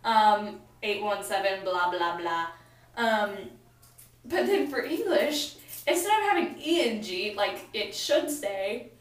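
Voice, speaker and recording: A woman's voice: mid-range voice, expressive, slow. A young American woman vlogging in a casual, rambling, giggly way with lots of fillers. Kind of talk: casual chat to camera. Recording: echoey room, mic at a distance.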